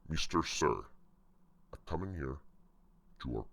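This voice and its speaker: Man doing a gruff, deep-voiced accented male boss, scolding and blunt, gravelly. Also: animated, unhurried, a bit bright, dry recording, full character voice. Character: brash foreign-accented male restaurant boss.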